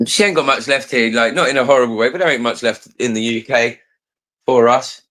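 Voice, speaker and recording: A man's voice: medium pitch, a little fast, a bit bright, poor audio. A man with a Cockney accent, chatting casually on a live stream and repeating words as he thinks. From England.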